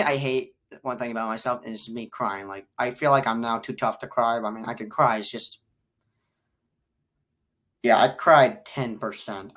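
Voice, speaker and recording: A woman delivers a casual spoken film review, rambling and repeating herself. She swings between loud, excited outbursts and low mutters.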